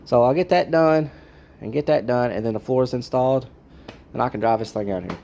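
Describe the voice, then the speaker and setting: A man's voice: mid-range voice, fairly quick, gravelly, mellow, a little hiss or hum. A man, a car restorer, ranting in a frustrated way about bad parts in his garage workshop.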